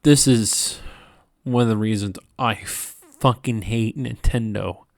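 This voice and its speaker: A tired man hosting a gaming channel, ranting in a halting, profane monologue with frequent restarts. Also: fairly low pitch, creaky, no echo, clean studio sound. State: tired from lack of sleep.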